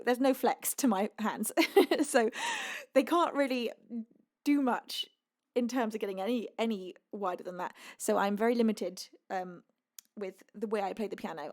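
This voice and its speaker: A woman's voice: medium pitch, darkish tone. A young woman from the UK, a singer-songwriter hosting a live stream, chatting casually, giggling often and reading out viewers' messages. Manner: chatty and giggly, reads chat aloud.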